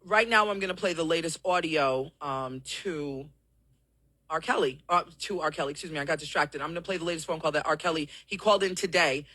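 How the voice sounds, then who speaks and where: A woman hosting a live-streamed talk show, hoarse from coughing and a little out of breath, apologetic as she explains things at length to her viewers. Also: low-pitched, brisk, pushed and bright, dry recording.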